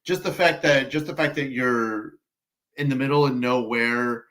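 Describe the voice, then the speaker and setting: A man chatting casually about a horror movie as podcast co-host, talking haltingly with many restarts. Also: mid-range voice, fairly bright tone.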